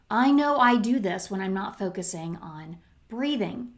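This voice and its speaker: A woman's voice: mid-range voice, expressive, a little slow, few pauses. Chatty middle-aged woman hosting a podcast. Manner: chatty, uses many fillers and restarts. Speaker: podcast host. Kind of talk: solo podcast talk.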